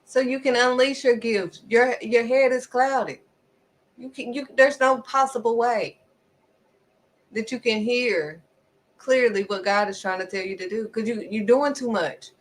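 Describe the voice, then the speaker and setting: A woman's voice: fairly high pitch, a little slow. A woman preaching to her viewers in an emphatic style, repeating lines for stress and acting out other people's voices. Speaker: faith-based vlogger. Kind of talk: preaching to camera.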